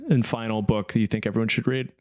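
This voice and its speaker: A man's voice: fairly low pitch, steady tone, quick pace, darkish tone, smooth. A man hosting a podcast, casual and encouraging, speaking with loose fillers. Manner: easygoing and encouraging, frequent fillers. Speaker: podcast host.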